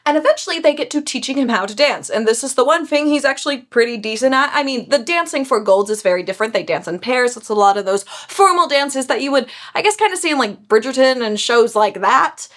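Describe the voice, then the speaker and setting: A young woman casually recapping a novel for her vlog, animated and gushing, often laughing. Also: high voice, quick pace, few pauses. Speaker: book vlogger.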